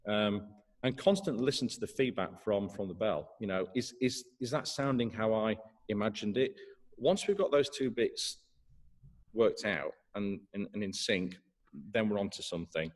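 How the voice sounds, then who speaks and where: Low-voiced man teaching trombone. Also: lively intonation, moderate pace, in a large hall. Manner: hesitant, many fillers and restarts. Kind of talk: online masterclass.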